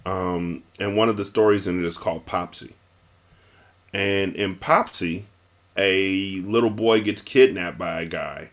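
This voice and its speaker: Brief: middle-aged man, lowish voice, loose chatty storyteller, lots of fillers. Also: a little slow. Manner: rambling with frequent fillers and restarts. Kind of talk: casual chat, retelling a story.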